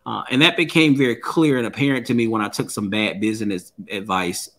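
Bright-voiced man telling his story. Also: on the low side, fairly quick. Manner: earnest, repeats words when starting a thought. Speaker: guest and author. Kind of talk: personal storytelling in an interview.

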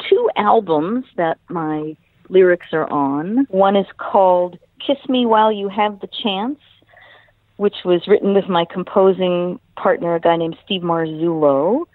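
A woman's voice: fairly low pitch, unhurried, no room sound. An older woman, a singer and lyricist, telling stories in a chatty interview with many fillers and self-corrections. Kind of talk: relaxed storytelling in an interview. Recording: dry, tinny phone-like line.

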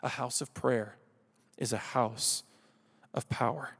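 A man preaching a sermon, earnest and building to loud calls, then leading a prayer. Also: medium pitch, steady tone, takes it slowly, creaky, slightly rough. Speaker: pastor. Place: church sanctuary. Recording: reverberant hall.

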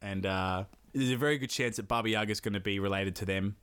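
A man retells an old tale to his sister in loose podcast chat. He swears freely, laughs often and slips into quick impressions of the characters. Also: fairly low pitch, a bit bright, clear, resonant tone. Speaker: podcast co-host retelling a folktale. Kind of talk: casual chat, crude and joking.

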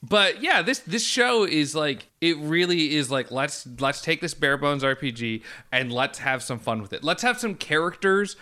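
A young man co-hosting a casual anime review chat, excitable and swearing freely as he acts out scenes. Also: on the high side, moderate pace, hardly any pauses. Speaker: podcast co-host.

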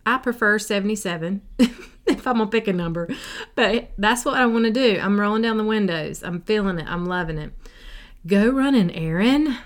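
A woman, hosting a casual solo podcast in a chatty, silly and sassy way. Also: mid-range voice. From South Carolina, USA. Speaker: podcast host and life coach. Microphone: podcast microphone.

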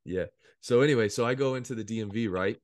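A man's voice: lowish voice, fast, no echo, clean studio sound. A man hosting a podcast in casual chat, telling stories animatedly and mimicking people in a raised voice. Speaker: podcast host.

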